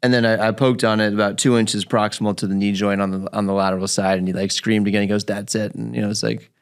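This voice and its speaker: A man with a fairly low, clear, resonant voice talks quickly as he hosts a physical therapy podcast. Chatting casually, he animatedly tells a patient story and performs the patient's lines himself.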